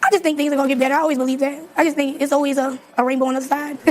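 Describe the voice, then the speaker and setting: A woman's voice: sits high, level tone, very fast, darkish tone, soft background music. A young woman in her late teens being interviewed, chatty and upbeat, with lots of fillers.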